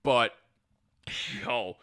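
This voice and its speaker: A man hosting a podcast, giving an excited live reaction, laughing often and restarting his sentences. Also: extremely slow. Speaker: podcast host reacting to a trailer.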